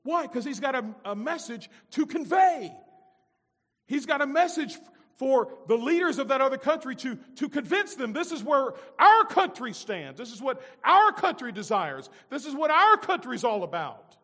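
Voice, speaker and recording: A man preaching a sermon as pastor, moving between loud emphatic lines and soft, low-spoken asides. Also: big pitch swings, moderate pace, big-room sound.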